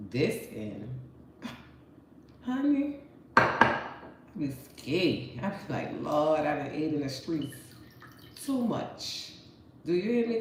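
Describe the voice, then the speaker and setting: A woman's voice: deep voice, slight background noise. A woman with a New Orleans accent chatting casually to her viewers, folksy and talkative, calling them honey and baby. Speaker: vlogger. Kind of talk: casual chat to camera. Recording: echoey room with faint ambience.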